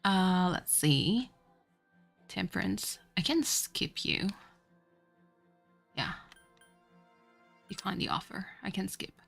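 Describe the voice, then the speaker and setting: A woman's voice: mid-range voice, lively intonation, slow pace, creaky, pauses often, husky. A woman streamer who grew up in France, speaking French as her first language, chatting casually with her viewers over gameplay and laughing often. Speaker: streamer playing a game. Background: faint game music.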